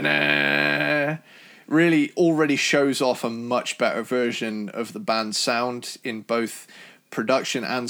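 A man from Cornwall with a British accent, co-hosting a casual album review chat in an enthusiastic, talkative way. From Cornwall, England. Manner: enthusiastic, chatty, jumps in pitch when excited. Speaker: podcast co-host reviewing albums.

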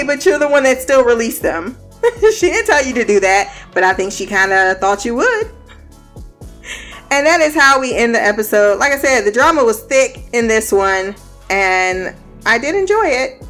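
Animated, opinionated woman with a higher voice. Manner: animated, opinionated, with frequent profanity. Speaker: TV episode recapper. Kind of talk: casual episode recap.

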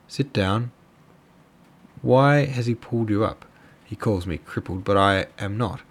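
A man's voice: fairly low pitch, a little slow. A man voicing a half-mad crippled older mother who rambles on with self-pity. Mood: rambling. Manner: rambling, aggrieved.

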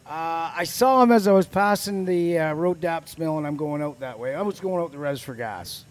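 A man's voice: on the high side, moderate pace. A man co-hosting a podcast, telling a story in casual, profane chat and acting out both sides of the dialogue. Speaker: podcast co-host.

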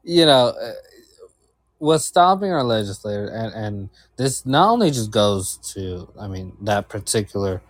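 Young man, podcast co-host, measured, hesitant, chuckles, dry sound. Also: fairly low pitch, animated, no room sound. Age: young adult. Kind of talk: casual podcast talk.

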